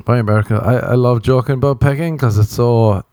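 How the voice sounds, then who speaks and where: Warm and medium-pitched, this young Irish podcast host talks fairly quickly, wandering through crude, jokey comic stories full of tangents in a rambling monologue. There's no echo.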